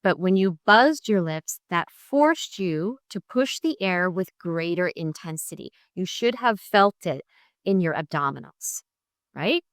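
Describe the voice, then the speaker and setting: A woman's voice: lowish voice, lively intonation, a little slow, dry recording, studio quality. Patient middle-aged woman teaching a class. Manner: clear, patient teaching, checks in with "right?" and "okay?". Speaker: music therapy professor. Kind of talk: online lecture with vocal exercises. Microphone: computer mic on a video call.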